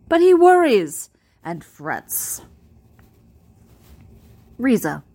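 A woman casually reading a fan-written post aloud, amused and expressive. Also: mid-range voice, moderate pace. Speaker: reader.

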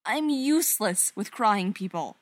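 A woman reading the part of an awkward, sarcastic young woman who babbles rapidly when flustered. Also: medium pitch, lively intonation, no room sound. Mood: indignant.

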